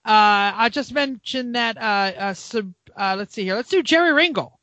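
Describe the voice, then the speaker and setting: A man co-hosting a casual podcast, easygoing and quick to laugh. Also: sits high, sharp tone, dry recording. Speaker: podcast host.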